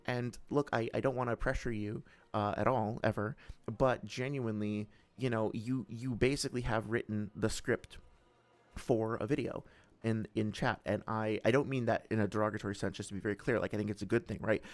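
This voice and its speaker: A man's voice: fairly low pitch, fairly even intonation, fairly quick. A young man hosting a casual live stream, talking to chat in a rambling, hesitant way with many fillers.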